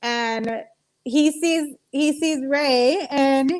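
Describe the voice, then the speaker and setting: A mother talking as a guest on a casual group video chat, hesitant and full of pauses and "um"s. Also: sits high, darkish tone.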